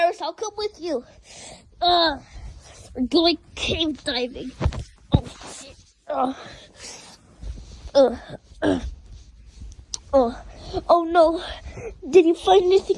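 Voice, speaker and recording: High-voiced, rambling young woman vlogger. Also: slow pace, long pauses, darkish tone, poor audio. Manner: rambling, playful, many restarts. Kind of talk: casual vlog chatter.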